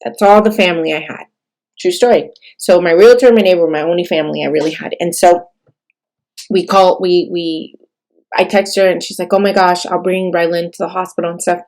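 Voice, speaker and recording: A young woman from California tells a personal birth story in a halting, tearful way, full of fillers and restarts. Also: on the low side, steady tone, a little mellow. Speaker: vlogger sharing a birth story.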